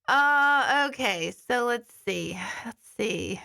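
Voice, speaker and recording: A woman with a medium-pitched, gravelly voice and a sharp tone speaks at a moderate pace with lively intonation. An intuitive medium and life coach, she answers viewer comments during a candid, chatty live stream from a studio, occasionally swearing and then apologizing.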